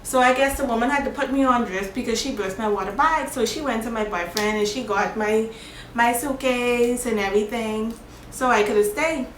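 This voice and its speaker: A woman vlogger telling a personal story in a casual, animated, plain-spoken way. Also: a little high, moderate pace. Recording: echoey room, faint background noise.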